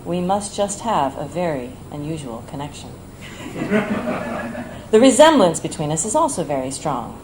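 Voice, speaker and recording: Woman reading her essay, fairly low voice, measured and reflective, faint room ambience. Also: sing-song, noisy background. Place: bar reading event.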